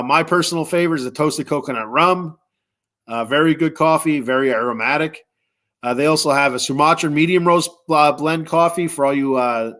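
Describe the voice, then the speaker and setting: A man hosting a sports podcast, reading sponsor spots casually with lots of fillers and slow, careful reading of phone numbers. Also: mid-range voice, a bit bright. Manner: rambling, filler-heavy, tired; reads numbers slowly and deliberately. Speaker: podcast host.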